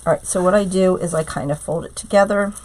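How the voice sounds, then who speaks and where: A middle-aged woman with a hoarse voice from a cold, chatting through a live craft tutorial and greeting viewers by name. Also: lowish voice, quick pace, darkish tone. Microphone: tablet streaming live.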